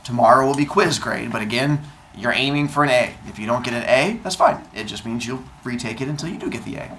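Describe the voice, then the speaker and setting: This medium-pitched, fast-talking teacher walks his seventh-grade class through a quiz one step at a time, with dry, sarcastic remarks mixed in. The classroom is noisy and students chatter throughout.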